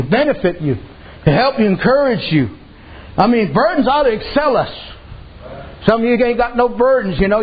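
A man with a high-pitched voice preaches to his congregation in a folksy storytelling way, retelling his conversations with "I said" again and again. The recording is dull and lo-fi, with faint room ambience behind him. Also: a little hiss or hum. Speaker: pastor. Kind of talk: sermon.

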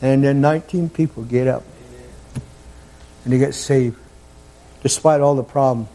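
A man preaching a fervent sermon in a church, sometimes rising to shouts. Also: medium pitch, steady tone, a little slow.

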